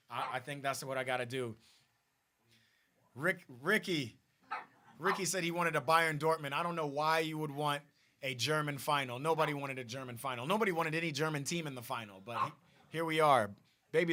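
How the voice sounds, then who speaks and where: Excitable man, football stream host, forceful bright voice, slightly high pitch. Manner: excitable, repeats and restarts, talks to viewers directly. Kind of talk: casual live-stream chat.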